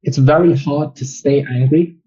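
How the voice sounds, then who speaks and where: A man being interviewed as a trading guest, explaining his views calmly. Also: on the high side, moderate pace. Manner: calm, explanatory. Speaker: trader guest. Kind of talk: interview answers. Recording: dull lo-fi audio.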